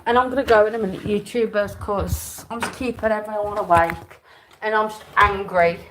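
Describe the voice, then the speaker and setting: A woman's voice: mid-range voice, steady tone, normal speed, noisy background. A woman in an angry, swearing live-stream rant, repeating herself and making threats.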